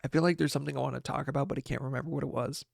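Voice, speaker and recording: A man's voice: medium pitch, fairly even intonation, rapid-fire, gravelly, no echo. A man hosting a casual solo livestream podcast. He rambles, restarts his sentences, corrects himself often and laughs a lot. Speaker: podcast host.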